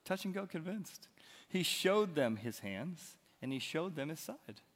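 A man playing a gentle, calm Jesus in a sermon retelling. He speaks quietly and reassuringly, a little lower than his preaching. A long hall reverb follows. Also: a little slow.

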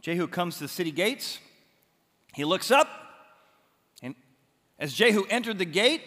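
A man preaching in a church sanctuary, his voice fairly high and bright with a forceful edge. He tells the story with dramatic flair, and the long reverb of the big hall trails after each phrase. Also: sing-song, moderate pace, pauses often. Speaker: pastor. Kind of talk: expository sermon.

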